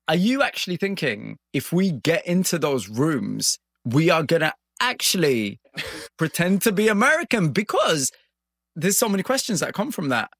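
A man's voice: fairly high pitch, fairly bright tone, no echo, clean studio sound. A man interviewing a guest, asking probing, reflective questions. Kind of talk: conversational interview.

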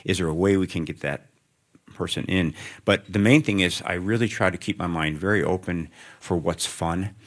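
Very low-pitched man, middle-aged writer, musing and rambling, interview on stage. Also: normal speed. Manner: thoughtful, rambling, self-deprecating. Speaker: author. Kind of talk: onstage interview. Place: in front of a student audience.

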